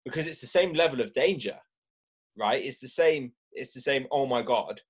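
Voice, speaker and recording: Man, husky voice, lively explainer, acts out reactions with gasps. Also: medium pitch, moderate pace. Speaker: mindfulness speaker. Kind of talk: animated explanatory talk.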